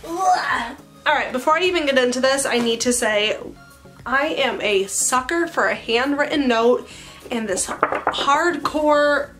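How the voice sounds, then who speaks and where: A woman's voice: high voice, lively intonation, a little slow, over music. A woman in her twenties, a hairstylist chatting casually in a bubbly, self-mocking way for a vlog. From Central Illinois. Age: 20s.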